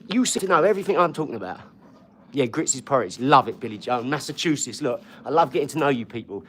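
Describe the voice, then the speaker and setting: A man's voice: medium pitch, lively intonation, quick pace, a bit bright, a little hiss or hum. Rambling man on a livestream. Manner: rambling, swears freely, jumps between topics; talks to viewers' comments directly. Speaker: livestream host. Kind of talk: casual livestream chat.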